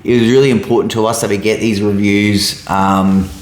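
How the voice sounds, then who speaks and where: Reverberant audio carries the low-leaning, steady voice of an Australian podcast co-host speaking at a moderate pace. Relaxed and chatty, he rambles along, leaning heavily on filler words.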